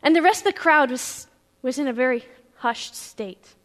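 A woman pastor preaching a sermon, telling a story vividly in the first person and moving between loud and hushed passages. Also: sits high, expressive, moderate pace, in a large hall.

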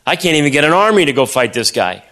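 Bright-voiced animated preacher man. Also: on the high side, fast. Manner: animated, acts out voices, repeats words. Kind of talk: sermon storytelling.

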